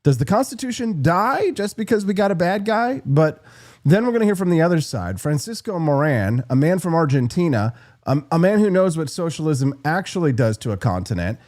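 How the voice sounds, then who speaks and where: A man hosting a live political talk show, brash and quick, reacting to chat and plugging sponsors. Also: on the high side, a little mellow. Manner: brash, fast-talking, reads live chat. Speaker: host.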